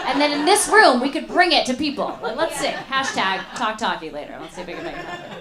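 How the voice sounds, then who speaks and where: Her high, very animated voice races along at a quick pace with few pauses as this young woman works the crowd in a club stand-up set, chatty and playful. Audience laughter echoes through the roomy recording.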